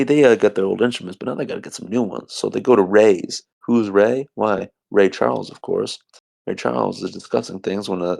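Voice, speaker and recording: A man's voice: lowish voice, vocal fry, low-quality recording. A man co-hosting a podcast, rambling through a comedic movie recap and acting out the quotes in silly voices. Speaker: podcast co-host.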